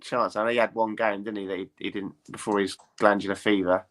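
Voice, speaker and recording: Man, panelist, lowish bright voice, rapid chatty patter, leans on tag questions. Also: flat delivery. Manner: quick, chatty, asks for agreement with tag questions. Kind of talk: casual chat about football.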